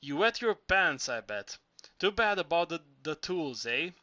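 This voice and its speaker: Guy doing a gruff old miner, blunt, shouts a lot, bright tone. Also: on the high side, very animated, measured pace, dull audio, exaggerated voice. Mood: angry. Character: older male Greek miner, gruff and blunt.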